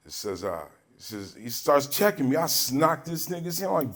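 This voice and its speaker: A man from Los Angeles, a podcast host and comedian, telling an animated, profane story and acting out the dialogue. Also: medium pitch, normal speed.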